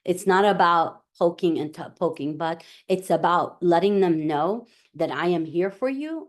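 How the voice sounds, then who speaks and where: A woman presenting a parent workshop, talking in a relaxed way, repeating her points and often checking in with "right?". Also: fairly low pitch, measured pace. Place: library meeting room.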